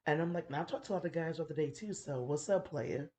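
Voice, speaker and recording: A woman in her thirties, hosting a podcast, tells a frank and profane story on a casual chat show. Her low, mellow voice moves fast, and she laughs often and keeps things playful. There is slight background noise.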